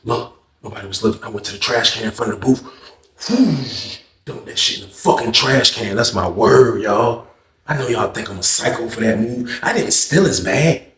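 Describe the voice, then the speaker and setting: A man telling a profane prison story in a casual, animated way, acting out the other people's voices. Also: medium pitch, normal speed. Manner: animated, acts out others' voices, heavy cursing. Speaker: storyteller vlogger. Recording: echoey room.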